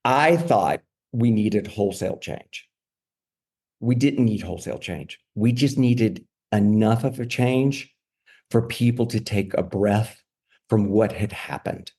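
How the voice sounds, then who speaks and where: Brief: middle-aged man, gravelly low voice, a podcast guest recounting his career frankly, lots of casual fillers. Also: measured pace, dark tone. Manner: frequent fillers like "like" and "you know". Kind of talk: candid storytelling in conversation.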